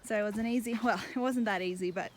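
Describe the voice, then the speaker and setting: A woman's voice: mid-range voice, fast talker, slight background noise. A young woman vlogging casually to camera while hiking on a mountain trail, chatty and often out of breath. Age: young adult. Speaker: travel vlogger.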